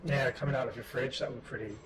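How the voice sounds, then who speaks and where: A man's voice: medium pitch, fairly even intonation, very fast. Easygoing jokey man chatting. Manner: easygoing, jokey, hesitant fillers. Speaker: co-host. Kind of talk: casual chat. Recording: loud background noise.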